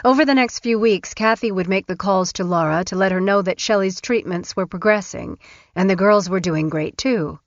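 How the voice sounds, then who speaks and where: A woman narrating an audiobook in a measured, even way. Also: medium pitch, no room sound. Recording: dull, dry studio recording.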